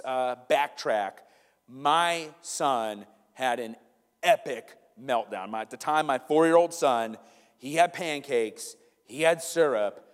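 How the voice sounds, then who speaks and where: A man, preaching a sermon and telling a family story in an animated way, asking the congregation questions. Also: fairly high pitch, big-room sound. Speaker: pastor. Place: church sanctuary.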